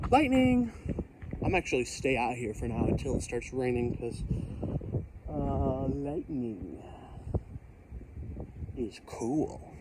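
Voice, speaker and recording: A man filming a storm outside his house, rambling casually with jokey, self-deprecating asides. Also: mid-range voice. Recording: outdoor wind and storm noise.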